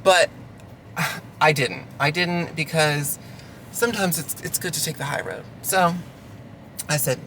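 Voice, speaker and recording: A man's voice: fairly high pitch, takes it slowly, pauses often, a bit bright, a little hiss or hum. A delivery driver venting through a ranting storytime vlog from his car, sarcastic and exasperated.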